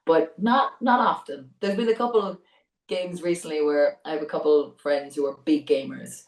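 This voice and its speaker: Low-voiced Irish woman, echoey room. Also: normal speed, distant mic. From Ireland. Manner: chatty, laughs often, many restarts. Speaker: voice actor guest. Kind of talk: casual interview chat.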